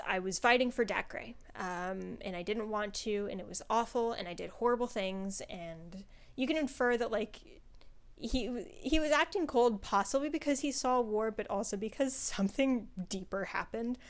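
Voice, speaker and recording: A young woman talking casually through a book review, chatty, with many fillers and some swearing when excited. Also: medium pitch, moderate pace.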